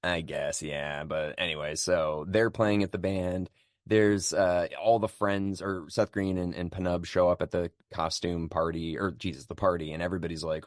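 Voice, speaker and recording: A man's voice: low-pitched, steady tone, moderate pace, dry recording, clean studio sound. A man co-hosting a podcast, recapping movie scenes in a casual, chatty way and acting out quotes. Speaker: podcast co-host.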